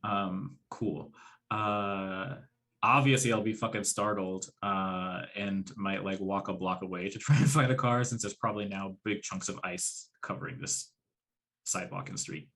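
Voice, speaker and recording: A man's voice: low voice, steady tone, a little slow, a bit bright. A man playing a tabletop game, explaining his moves in a rambling, hesitant way. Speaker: player.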